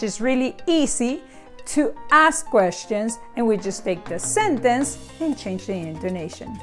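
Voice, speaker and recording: A woman teaching in a lively, playful way, spelling things out slowly with examples. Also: medium pitch. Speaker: Spanish teacher. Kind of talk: scripted video lesson.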